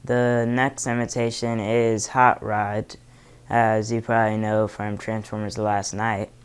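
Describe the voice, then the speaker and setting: A man's voice: lowish voice, level tone, unhurried, smooth. A man casually recapping movie scenes, rambling with many fillers. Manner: loose, filler-heavy storytelling. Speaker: impressions vlogger.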